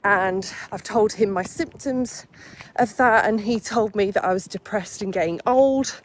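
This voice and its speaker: A young adult woman from England talking straight to camera in a casual vlog, chatty and animated, swearing freely as she retells her day. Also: medium pitch, unhurried, a little hiss or hum. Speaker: vlogger.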